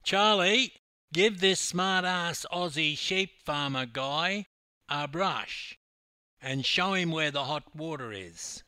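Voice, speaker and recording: A man's voice: medium pitch, expressive, takes it slowly, pushed and bright, dry recording. An older man voicing a stern, irritated male customs officer who talks curtly. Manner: curt, snapping, stiff.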